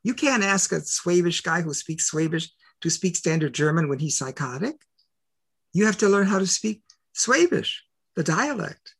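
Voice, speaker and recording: Older man, gravelly voice, husky edge, emphatic storyteller, rhetorical questions, interview guest. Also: high voice, expressive, moderate pace, fairly bright tone. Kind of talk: animated personal storytelling.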